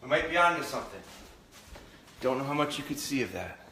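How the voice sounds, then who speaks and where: A man's voice: mid-range voice, animated, a little fast, vocal fry, sharp tone, a little hiss or hum. A man talking to viewers during a live dog training session, a bit out of breath, in a folksy, rambling way that repeats itself. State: out of breath, sweating.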